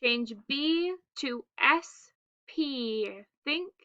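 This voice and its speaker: A woman teaching a phonics lesson to young children, giving slow and carefully enunciated word prompts. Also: high voice, expressive, bright, forceful tone, highs cut off.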